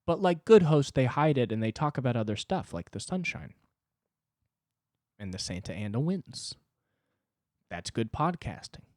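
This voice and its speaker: A man in his twenties hosting a solo comedy podcast, talking self-deprecatingly and swinging between loud outbursts and low muttering. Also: very animated, moderate pace, long pauses, dry recording, studio quality. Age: 20s. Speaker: podcast host.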